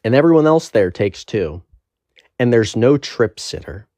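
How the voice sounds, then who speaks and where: A man's voice: mid-range voice, lively intonation, unhurried, darkish tone, no echo. A young man telling a rambling, profane story in a casual storytime monologue.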